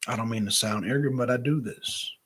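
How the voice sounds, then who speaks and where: A man hosting a talk show, giving casual, animated political commentary that rambles and repeats itself. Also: mid-range voice, fast, breathy edge.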